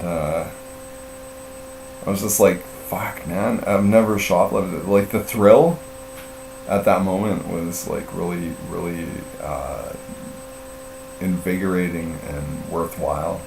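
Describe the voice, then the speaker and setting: A man's voice: deep voice, animated, takes it slowly, gravelly, long pauses. A middle-aged man telling a story in casual live-stream chat, rambling and profane, full of fillers and self-mocking laughs. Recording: roomy, distant mic with faint mains hum.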